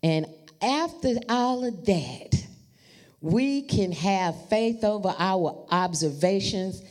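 A woman preaching a storytelling sermon, talking to the congregation in an animated, familiar way. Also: mid-range voice, slow. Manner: animated, addresses the congregation as y'all.

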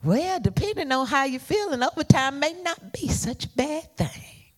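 A woman's voice: sits high, sing-song, moderate pace. A woman preaching a sermon, playful and calling on the congregation to answer back. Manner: playful, calls for congregation responses.

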